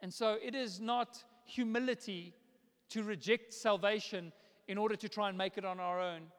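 A man in his thirties, a pastor, preaching a sermon in a church auditorium in a conversational, animated way. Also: sits high, normal speed. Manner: conversational, animated storytelling with laughs. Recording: long reverb of a large hall.

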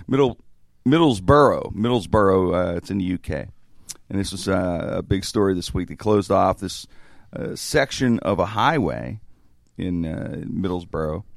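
A man's voice: low-pitched, vocal fry, no room sound, clean studio sound. A man hosting a podcast, telling stories in rambling casual banter full of restarts and chuckles. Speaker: podcast host.

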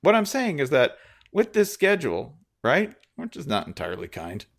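A man co-hosting a casual sports podcast, joking and animated, his voice jumping up when excited. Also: fairly high pitch, normal speed. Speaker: podcast co-host.

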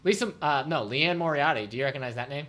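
A man's voice: a little high, expressive, fast, fairly bright tone. A man co-hosting a casual chat, joking and reading book blurbs aloud with playful emphasis. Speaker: podcast co-host.

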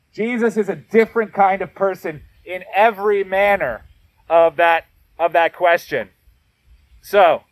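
High-voiced male pastor preaching conversationally. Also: no room sound. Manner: conversational, emphatic, slangy asides. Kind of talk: sermon.

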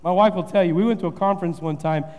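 With a high, ringing voice and a darkish tone, a male pastor preaches quickly, repeating phrases and building emphasis to drive his points home. The long reverb of a church hall carries his words.

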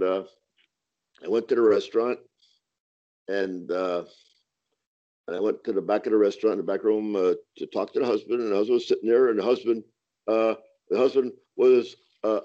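A man's voice: on the low side, steady tone, moderate pace, warm tone, lo-fi sound. A man, a stand-up comedian, telling a profane story in casual podcast talk, acting out the quotes.

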